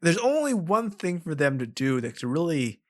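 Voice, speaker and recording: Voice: medium pitch, big pitch swings, normal speed, a little mellow. A podcast co-host in casual film chat, talking animatedly, often laughing and slipping into mock voices.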